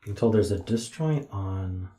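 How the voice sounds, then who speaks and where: Tired man muttering numbers, deep and dark. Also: expressive, echoey room. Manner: slow, muttering, counting digits aloud. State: tired, yawning. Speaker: puzzle streamer. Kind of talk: thinking aloud while solving.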